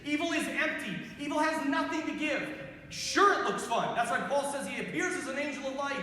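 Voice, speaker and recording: A high-voiced young man gives an animated youth talk in a big school gym, acting out quoted voices as he tells his stories. His voice rings with heavy echo and a long reverb tail across the room. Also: fairly quick, a little hiss or hum. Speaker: priest.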